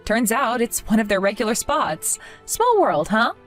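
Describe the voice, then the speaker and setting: A woman telling a first-person story in a calm, dry, amused manner. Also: fairly high pitch, measured pace. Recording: faint background music.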